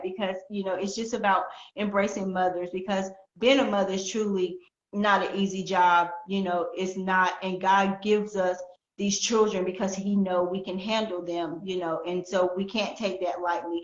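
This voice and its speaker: Middle-aged woman hosting a live stream. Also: lowish voice. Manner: warm, emotional, repeats herself, reads out viewer comments. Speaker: host of a live online talk show. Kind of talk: heartfelt live-stream chat. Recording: roomy, dull lo-fi live stream.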